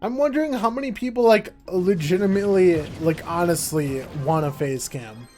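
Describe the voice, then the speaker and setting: A man's voice: high voice, normal speed, darkish tone, soft background music. A young American man streaming live, chatting casually and rambling with lots of "like" and self-mocking jokes.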